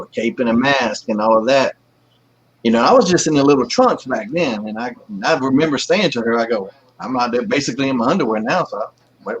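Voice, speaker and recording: Speaking from home with his kids and pet close by, a forty-something man who wrestles professionally shares casual stories as an interview guest on a video call. He has a medium pitch and livens things up by performing the quotes. The sound is lo-fi, husky and a little muffled.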